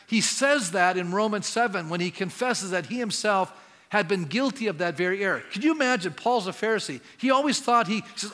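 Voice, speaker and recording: A man's voice: high voice, bright, forceful tone, long reverb tail. A man preaching a sermon as pastor, speaking in a conversational way and putting questions to the congregation. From Canada.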